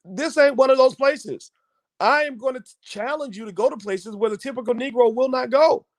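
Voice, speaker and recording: A man's voice: very high voice, moderate pace, no room sound. A man hosting his own online show, giving opinionated commentary to viewers in an emphatic, preachy way, often repeating words and restarting.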